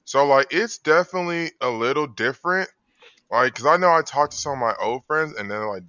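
A man's voice: fairly high pitch, normal speed, sharp tone, no echo, dull audio. A young man from Atlanta, a podcast guest making blunt, wry remarks. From Atlanta, Georgia.

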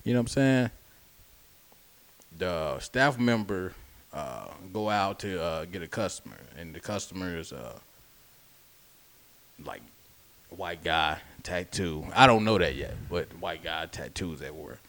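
A man's voice: deep voice, expressive, unhurried, pauses often, a bit bright. A young adult man telling a story in casual chat, acting out other people's voices. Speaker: podcast co-host telling a story.

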